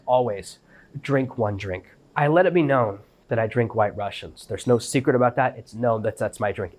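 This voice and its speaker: A man's voice: mid-range voice, darkish tone. A middle-aged man hosting a podcast, giving an instructional monologue with emphatic, repeated phrases. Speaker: podcast host.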